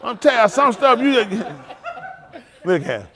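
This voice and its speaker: A male pastor giving an informal, animated testimony sermon at a service, talking straight to the congregation and laughing often. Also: very high-pitched, normal speed. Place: synagogue service.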